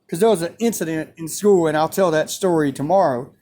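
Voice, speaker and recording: A man's voice: fairly high pitch, normal speed. A man telling a story in a casual, profane way, repeating phrases as he goes. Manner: animated, profane, repeats himself.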